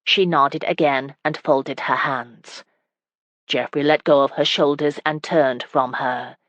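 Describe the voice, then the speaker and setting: An audiobook narrator reading a historical romance in steady, even scripted narration. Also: mid-range voice, slow, dry recording, highs cut off.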